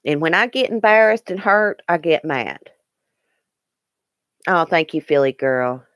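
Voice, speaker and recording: A woman's voice: deep voice, lively intonation, a little slow, fairly bright tone, dry recording. Lady chatting live with her viewers, earnest, lots of ums, dead dry sound. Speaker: YouTube live-stream host. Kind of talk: casual live-stream chat, answering viewer comments.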